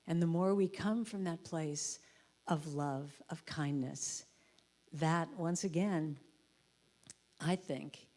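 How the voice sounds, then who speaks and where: Casual: lower-voiced lady w/ telling little stories in church, chatty and warm. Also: takes it slowly, pauses often. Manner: warm conversational storytelling, acts out voices. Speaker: guest speaker and musician. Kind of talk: storytelling sermon. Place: church sanctuary.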